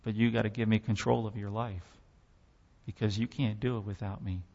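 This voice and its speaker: A man's voice: lowish voice, little pitch movement, fairly quick, vocal fry, a little mellow, in a large hall, muffled recording. A man giving a sermon testimony, telling his story with impassioned, dramatic swells.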